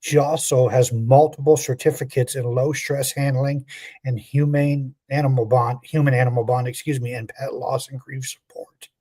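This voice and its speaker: A man's voice: mid-range voice, level tone, normal speed, dark tone. A man co-hosting a pet podcast, reading a guest's bio with wry asides and stumbling over a few names. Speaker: podcast co-host.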